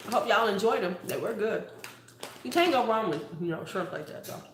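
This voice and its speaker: A woman beauty vlogger chats casually on a live stream, playful and friendly with her viewers. Her middle-pitched voice rings with a clear, roomy echo, over a faint hum of background noise. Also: lively intonation, a little fast. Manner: chatty, playful, talks straight to viewers.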